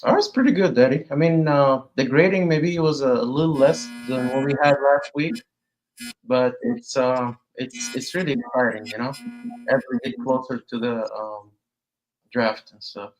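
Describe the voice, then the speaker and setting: A man's voice: medium pitch, moderate pace, slight background noise, poor audio. A man co-hosting a casual sports podcast, talking hesitantly with lots of fillers. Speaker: podcast co-host.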